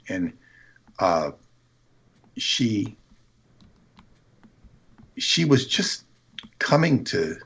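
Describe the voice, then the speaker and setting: Man, husky and muffled, rambling storyteller with lots of restarts, casual livestream guest. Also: mid-range voice, a bit bright. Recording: dull lo-fi stream audio.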